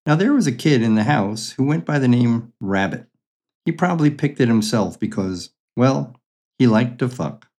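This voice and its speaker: A man's voice: medium pitch, darkish tone. An older man reading his own memoir stories aloud in a dry, matter-of-fact, wry way. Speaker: memoir storyteller.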